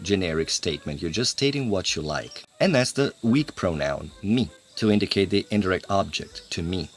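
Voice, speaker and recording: A man giving a casual video language lesson, explaining in a lively, playful way. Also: on the low side. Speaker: language teacher.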